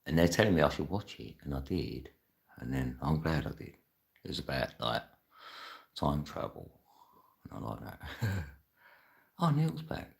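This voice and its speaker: Very deep gravelly man, rambling. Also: very animated, a little slow, long pauses. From London. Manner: rambling, laughs often; reads and answers viewer chat. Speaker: live-stream host. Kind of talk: casual live-chat monologue.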